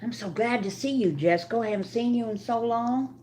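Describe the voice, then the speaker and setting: A woman's voice: a little high, fairly quick, darkish tone, slight background noise. An older woman hosting a casual livestream from home, chatting with viewers and talking to her dog as she cooks. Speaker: livestream host.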